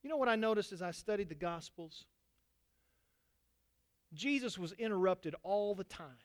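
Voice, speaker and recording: High-pitched smooth-voiced preacher man. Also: lively intonation, moderate pace. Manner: preaching with shifts between loud exhortation and quiet asides. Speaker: pastor. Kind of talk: sermon.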